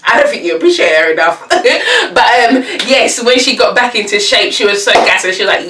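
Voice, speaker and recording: A young woman chatting casually as a vlogger, animated and slangy, laughing often. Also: medium pitch, moderate pace, few pauses, roomy sound, distant mic, background noise. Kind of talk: casual chat.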